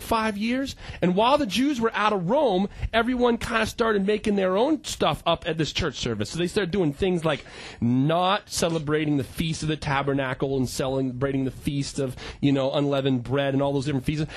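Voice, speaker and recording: A male pastor preaching a sermon, telling stories with acted-out voices and shouting for emphasis. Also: high-pitched, dry recording. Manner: animated storyteller, acts out voices and shouts for emphasis.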